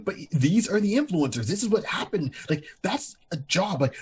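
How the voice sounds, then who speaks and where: A middle-aged man co-hosting a podcast, an animated storyteller who acts out quotes in casual chat. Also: high-pitched, normal speed, breathy edge. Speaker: podcast co-host.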